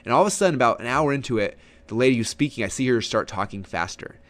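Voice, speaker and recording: A man coaching on online sales in a webinar lesson, energetic and salesy, with frequent restarts. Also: mid-range voice, quick pace. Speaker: marketing coach. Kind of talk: webinar teaching.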